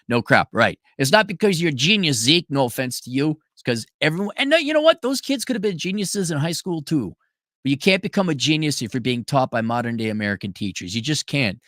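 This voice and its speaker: A man's voice: mid-range voice, animated, fairly quick, a bit bright, no echo, studio quality. A man hosting a casual livestream who reads out viewer donations and answers them in a blunt, sarcastic and profane way. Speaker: show host reading viewer donations.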